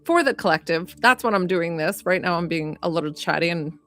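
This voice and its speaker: With a low voice and lively intonation, a woman talks a little fast to her viewers on a live stream, where she works as a psychic medium and healer. She chats warmly and rambles, using many fillers, in a dry recording.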